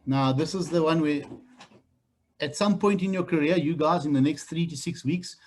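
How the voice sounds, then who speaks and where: South African trainer, middle-aged man, husky and fairly high, blunt and teasing delivery for group training. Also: moderate pace. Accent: South African English. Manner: blunt, animated, teasing the room. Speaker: real estate trainer. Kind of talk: training talk to new agents.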